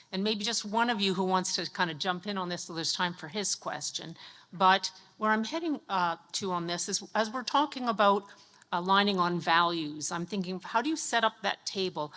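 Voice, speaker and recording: Bright-voiced woman asking from the floor. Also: fairly low pitch. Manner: earnest, thinking aloud with fillers. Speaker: audience member asking a question. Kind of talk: public Q&A question. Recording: reverberant conference hall.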